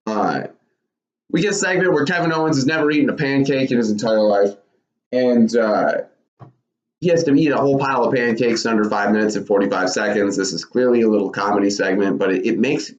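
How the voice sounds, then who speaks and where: A man's voice: mid-range voice, animated, normal speed, long pauses. A man casually giving his thoughts on wrestling for his channel, rambling with lots of self-corrections. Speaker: wrestling commentary YouTuber. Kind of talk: casual spoken commentary. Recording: roomy, dull lo-fi.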